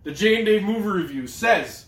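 A man's voice: sits high, animated, moderate pace, a bit bright, distant mic. A man in his thirties co-hosting a casual chat, swearing freely and retelling funny movie scenes with lots of laughter. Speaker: podcast co-host. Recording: echoey room, voice off-mic.

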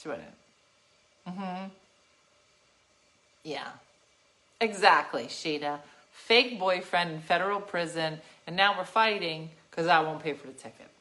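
A middle-aged woman telling a story to her livestream viewers in an animated, sassy way, laughing often. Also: on the low side, a little slow. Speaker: livestream host.

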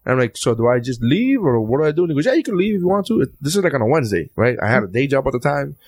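Male comic, mid-pitched, lively profane storyteller in casual banter. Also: very fast, husky. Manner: animated anecdote-telling with quoted voices, profane. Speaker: stand-up comic.

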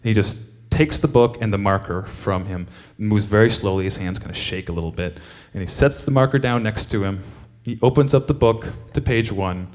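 A man's voice: lowish voice, normal speed, few pauses, darkish tone. A man telling a long, rambling story to an audience between songs, with many fillers and restarts, laughing as he goes.

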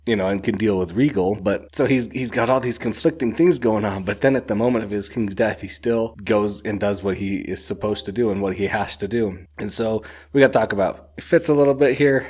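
A man's voice: on the low side, brisk, darkish tone, slightly rough. A man talking casually and enthusiastically about a book he has read, rambling with lots of filler words. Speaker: book reviewer.

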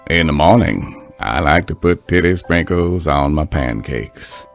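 A male voice actor doing an impression of a famous older male narrator, speaking slowly and grandly. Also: rumbling low, animated, faint music behind, pitched below the performer's own voice, full character voice. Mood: mock-serious. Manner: slow, stately, musing delivery. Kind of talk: comedy voice impressions.

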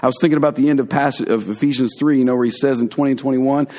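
A man giving a conversational, earnest sermon as a pastor, dropping to hushed tones for emphasis. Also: medium pitch, steady tone, racing. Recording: long hall reverb.

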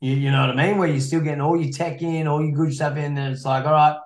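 A man's voice: fairly high pitch, fairly even intonation, quick pace. Agreeable swearing man. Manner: agreeable, swears a lot, many "yeah" backchannels. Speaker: podcast co-host, fight gym coach. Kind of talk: casual podcast chat. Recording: roomy echo.

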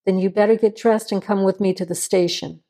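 Woman voicing a firm male sheriff, low mellow tone, pressing questions. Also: fairly even intonation, brisk, close to an everyday voice. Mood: stern. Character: stern male small-town sheriff questioning a suspect.

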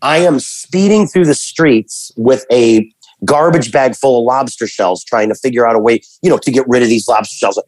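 A man recounts family anecdotes in a loose, animated way, full of fillers and false starts. His voice is husky, and the sound is dry and close with no room around it. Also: mid-range voice, moderate pace, dry recording, poor audio. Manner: rambling, animated storytelling with many restarts and fillers. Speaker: guest telling family stories. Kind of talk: casual conversation.

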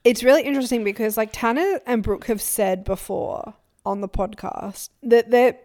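With a slightly high voice at a normal speed, this young woman co-hosting a podcast gossips about influencer drama. She's animated and casual, imitating the people she quotes in put-on voices.

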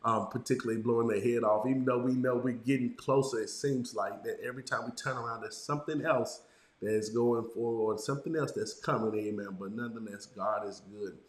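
A middle-aged male pastor delivering a sermon, congested and a little nasal from illness, slightly raspy, dropping "amen" after nearly every line. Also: medium pitch, fairly even intonation, brisk, echoey room. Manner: punctuates lines with "amen".

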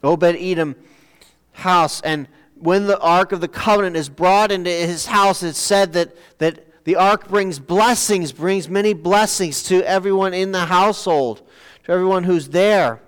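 A man delivers a sermon at an unhurried pace, often repeating a word or two as he gathers his thought. His voice sits a little high and sounds clear and resonant. It rings out in a church with a long, lingering reverb. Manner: halting, repeats words while searching for phrasing. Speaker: pastor. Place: church sanctuary.

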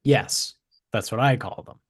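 A man's voice: mid-range voice, measured pace, slightly rough, dry recording. A man about thirty with a Boston accent chats on a podcast, riffing loosely and swearing freely. His voice sits in a middle register. The recording is dry and close. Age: 30s. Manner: animated, swearing storyteller. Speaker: podcast co-host. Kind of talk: casual chat.

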